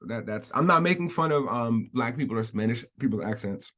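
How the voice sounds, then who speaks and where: A man doing off-the-cuff vlog commentary, reading lines from an article and then riffing on them at length. He rambles and restarts, doubles back to qualify what he said, and laughs often. His voice sits at an ordinary middle pitch for a man. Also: expressive, fairly quick, a bit bright. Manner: rambling, repetitive, hedging, frequent laughs. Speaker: commentary vlogger. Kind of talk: casual commentary while reading out a news article.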